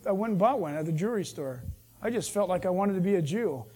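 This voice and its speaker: A man's voice: high voice, lively intonation, fast, mellow. A man preaching a sermon in a conversational, jokey way, acting out dialogue as he teaches.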